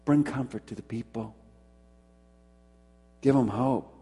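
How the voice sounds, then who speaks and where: Pastor guy preaching, kinda husky and mellow, lots of repeating for emphasis, long echo like a big church hall. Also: mid-range voice. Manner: preaching with repeated emphasis, asking the congregation questions. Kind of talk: sermon.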